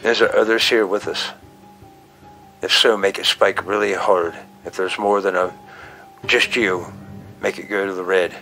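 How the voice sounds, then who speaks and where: A man with a very low voice speaks in a casual, folksy way to his viewers while investigating his own house. He keeps pleading and repeating himself as he asks a spirit to calm down. Faint music sits underneath his voice. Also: measured pace. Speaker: paranormal investigator. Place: at home indoors.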